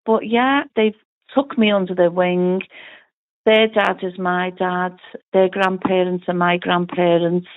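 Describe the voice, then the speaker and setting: A woman's voice: lowish voice, fairly even intonation, measured pace. A middle-aged woman with a Liverpool accent, telling her family story in an interview, chatty and full of quoted dialogue. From Liverpool, England. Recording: tinny phone-like audio.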